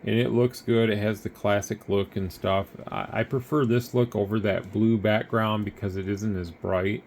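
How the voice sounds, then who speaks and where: In a laid-back product demo, a yawning, tired man rambles about the radio he's selling. His lowish, slightly mellow voice keeps a fairly even intonation at a moderate pace, with a little hiss or hum in the background.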